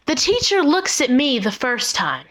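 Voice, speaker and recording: A woman's voice: sits high, huge pitch swings, measured pace, a bit bright. A teenage girl telling a story to her viewers in a rambling, exasperated way, full of "like" and "um". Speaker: vlogger. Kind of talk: casual storytelling.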